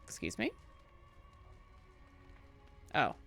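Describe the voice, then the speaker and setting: A woman's voice: drawn-out words, fairly bright tone, no room sound, soft background music. A woman in her thirties from Alaska, chatting casually with rambling asides while playing a video game. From Alaska, USA. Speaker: let's play streamer. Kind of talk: casual gameplay commentary.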